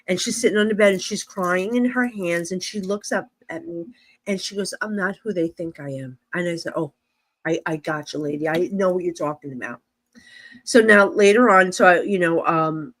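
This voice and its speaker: An expressive New Jersey woman telling a story. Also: lowish voice, no room sound. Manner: expressive, acts out dialogue, laughs often. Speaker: psychic medium guest. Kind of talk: animated storytelling in a podcast interview.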